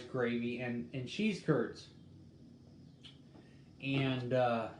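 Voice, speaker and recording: A man in casual talk, reading a recipe aloud and musing in a halting way as he thinks out loud. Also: mid-range voice. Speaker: host. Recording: echoey room with faint background noise.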